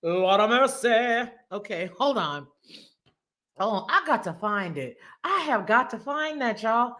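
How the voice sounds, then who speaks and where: Woman host for casual live-stream talk: playful, exclaiming, very lively pitch. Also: unhurried. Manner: laughs often, playful, exclaiming.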